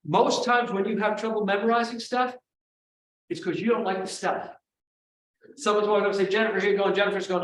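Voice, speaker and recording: A man teaching a memory technique at a live seminar, energetic, quizzing the audience in call-and-response. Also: sits high, fast talker. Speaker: memory trainer. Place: large room before a live audience. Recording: echoey room, voice from far off.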